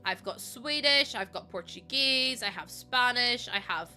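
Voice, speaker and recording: A young woman livestreaming in casual chat, excitable and gushing, often breaking into laughter. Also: a little high, a little slow, faint music behind. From Northern Ireland.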